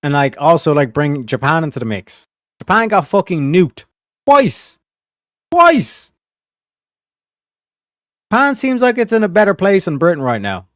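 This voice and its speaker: A man's voice: fairly high pitch, very animated, a little fast, no room sound. Rambling man streaming, dry close sound. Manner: rambling, chatty, swears freely, lots of "like". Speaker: livestream host. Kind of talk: casual livestream chat.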